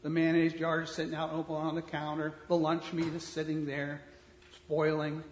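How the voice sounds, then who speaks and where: Blunt preacher in an echoing hall. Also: male voice, a little high, monotone, normal speed, a little hiss or hum. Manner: blunt, conversational preaching that swings from soft to loud. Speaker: pastor. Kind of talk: sermon. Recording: reverberant hall.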